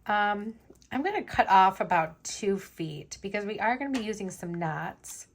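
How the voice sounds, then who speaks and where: A woman vlogger chats casually while making jewelry, thinking out loud with lots of fillers. Her mid-range voice is animated and moderately paced.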